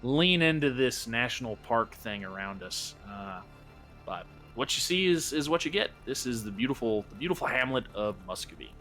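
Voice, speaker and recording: A man's voice: mid-range voice, animated, normal speed, bright, forceful tone, soft background music. A man voicing an eager, folksy small-town councilman who talks like a salesman.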